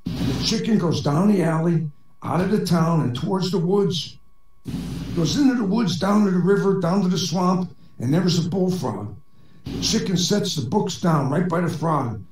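Corny joke-telling man, lively pitch. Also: normal speed, reverberant, distant mic, rough recording. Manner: dry, corny joke delivery in a robot persona. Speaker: stand-up comedian. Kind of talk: joke-telling set in a voice chat.

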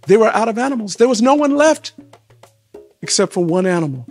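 A man telling a folktale to listeners, with rhythmic refrains and big shifts in pitch and volume. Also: normal speed, faint music behind. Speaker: storyteller.

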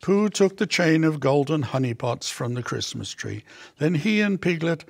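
A man reading a children's picture book aloud slowly and gently, giving the characters small voices. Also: fairly high pitch, expressive, vocal fry, no echo. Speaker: storybook reader.

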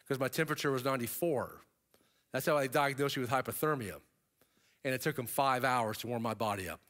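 A middle-aged man giving a keynote talk, telling a story in a lively way and turning to the audience with casual asides. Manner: animated storyteller, pitch jumping up for emphasis. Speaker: keynote speaker. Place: stage before an audience.

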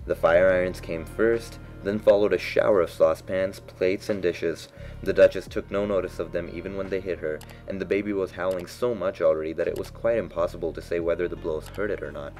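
Brief: low-pitched male narrator, storybook reading, faint music underneath. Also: fairly even intonation, brisk, darkish tone, poor audio.

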